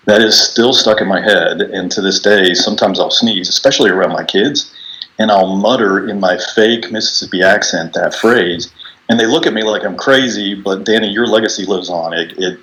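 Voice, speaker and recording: A middle-aged man telling a relaxed story about a coworker in a farewell speech on a video call, with many fillers and restarts. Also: low-pitched, poor audio.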